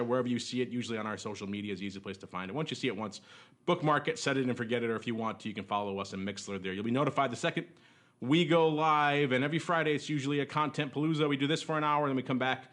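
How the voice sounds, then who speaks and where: A man's voice: medium pitch, quick pace, a bit bright. A man hosting a podcast in casual chat, jokey and rambling with frequent chuckles. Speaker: podcast host.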